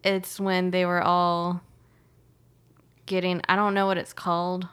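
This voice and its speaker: A woman with a low-ish, clean voice talks at an unhurried pace. As a podcast co-host in casual chat, she tells stories with animated energy and giggles a lot.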